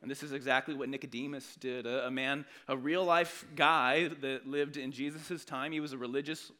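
A man's voice: mid-range voice, fairly even intonation, moderate pace, pushed and bright. A man preaching a sermon as a pastor, conversational and earnest, with frequent restarts.

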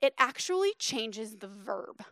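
Female preacher, high voice, dry close sound, lively and conversational with hushed emphasis. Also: unhurried, no room sound. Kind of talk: sermon.

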